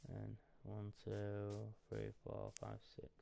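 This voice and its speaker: A man's voice: fairly low pitch, monotone, slow, gravelly, warm tone. A man streaming a building game, chatting casually, counting aloud under his breath and swearing mildly when things go wrong. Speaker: gaming streamer. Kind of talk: casual live gameplay chat.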